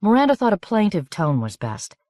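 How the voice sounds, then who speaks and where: A woman narrating an audiobook in an even, measured, scripted reading on a close studio microphone. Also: medium pitch, no room sound.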